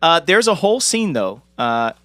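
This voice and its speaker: A man's voice: on the high side, big pitch swings, moderate pace, fairly bright tone, dry recording. A man co-hosting a podcast in casual chat, joking and rambling with lots of filler words. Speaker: podcast co-host.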